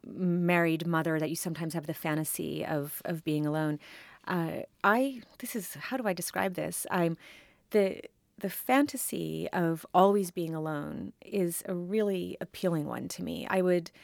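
A woman in her forties, a writer being interviewed, talking in a thoughtful, halting way with frequent restarts. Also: on the low side, vocal fry, dry recording, clean studio sound. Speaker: writer and guest. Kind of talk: conversational interview.

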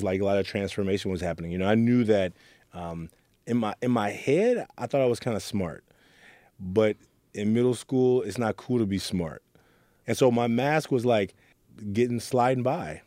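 An Oakland, California man who leads a youth program reflects in an interview, earnestly telling stories from his past and acting out what people said. His fairly low, mellow voice is recorded dry with clean studio sound.

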